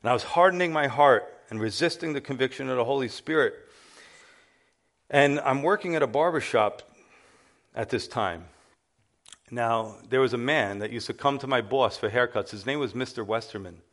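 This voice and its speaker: Man preaching a lively personal testimony. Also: mid-range voice, normal speed. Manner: animated storytelling, acts out quoted voices. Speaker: pastor. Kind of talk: sermon testimony.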